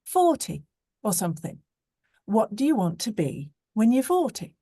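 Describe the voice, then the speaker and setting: A teasing young woman with a sharp tongue, read by a woman narrator, mocking and playful. She speaks slowly and mellowly, in a dry, close recording. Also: mid-range voice, very animated, slightly rough, no room sound, pitched above the performer's own voice, heavily acted.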